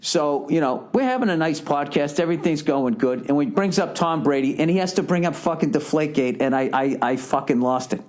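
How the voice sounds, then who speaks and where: A man's voice: on the high side, animated, brisk, hardly any pauses, darkish tone. A middle-aged man hosting a podcast, talking casually in a profane, worked-up rant. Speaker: podcast host. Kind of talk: casual monologue.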